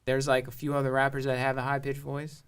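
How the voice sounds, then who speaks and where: A young man from Long Island with a high-pitched voice, chatting casually and swearing freely, with a loose, laughing manner. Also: completely flat delivery, fast talker, a bit bright, clean tone. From Long Island, New York. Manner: loose, profane, laughing a lot. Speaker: rapper. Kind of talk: casual chat.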